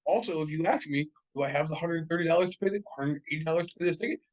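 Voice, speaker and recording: A young man with a slightly raised pitch rambles through a casual podcast chat. He swears freely, piles on fillers and restarts, and laughs as he tells his stories. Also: very fast, low-quality recording. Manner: profane, rambling storytelling with frequent laughs and fillers. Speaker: podcast co-host.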